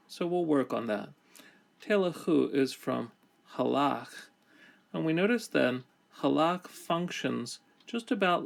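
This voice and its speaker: A man with a gravelly edge to his voice teaches Hebrew grammar at an unhurried pace. He reads the verse phrase by phrase and then explains each form in a measured, deliberate way. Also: medium pitch. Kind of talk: slow, measured scripture lesson.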